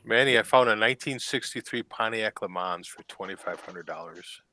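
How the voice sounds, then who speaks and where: A man's voice: fairly low pitch, normal speed, sharp tone. A man chatting casually on a live stream, rambling and listing things off one after another.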